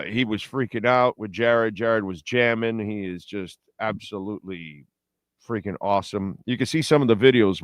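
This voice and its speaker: A man's voice: fairly low pitch, clear, resonant tone, no echo. A man hosting a pregame sports talk show, rambling in opinionated, die-hard fan banter and reading out messages from his listeners. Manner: reads the chat board and talks to listeners. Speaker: sports radio show host.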